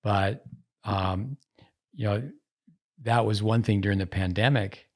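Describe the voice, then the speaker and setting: A man's voice: fairly low pitch, measured pace. A man hosting a podcast, chatting casually and drifting from one story to the next as he goes. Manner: rambling, digressive storytelling. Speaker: podcast host. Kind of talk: casual conversation.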